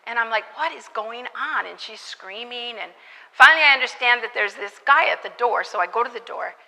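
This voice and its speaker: A woman's voice: a little high, a little fast, creaky, big-room sound, low-quality recording. A middle-aged American woman giving a sermon testimony as a missionary, telling a story with energy and acting out the voices of others. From United States. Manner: animated storytelling, acts out voices. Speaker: missionary speaker.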